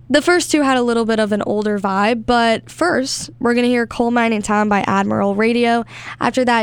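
A young woman hosting a college radio music show in casual, rambling talk with many fillers, her voice a little hoarse from a cold. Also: a little high.

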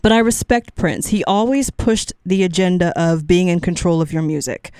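A woman's voice: fairly low pitch, moderate pace, darkish tone, clear, resonant tone, no room sound, clean studio sound. A middle-aged woman hosting a radio music show, talking casually between songs in a chatty, encouraging way that sometimes wanders off track. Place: radio studio. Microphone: studio microphone.

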